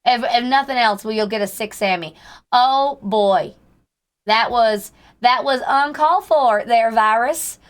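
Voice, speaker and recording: A woman's voice: fairly high pitch, unhurried. A young woman streamer with a sick, strained voice, chatting in a rambling way and greeting her viewers by name. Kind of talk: casual live-stream chat with viewers.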